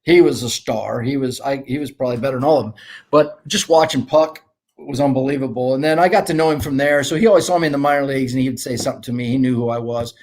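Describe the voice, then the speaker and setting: A middle-aged man, a former ballplayer and guest, telling rambling, animated anecdotes in casual conversation. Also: mid-range voice, quick pace. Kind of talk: casual storytelling.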